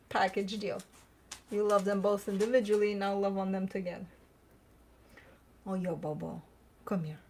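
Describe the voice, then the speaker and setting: A woman with a voice of ordinary, mid-range pitch chatting loosely to her live-stream viewers from home. She drifts into fond, cooing talk with her dogs, fussing over them as she goes. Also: darkish tone, a little hiss or hum. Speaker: tarot reader hosting a live stream. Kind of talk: casual live-stream chat.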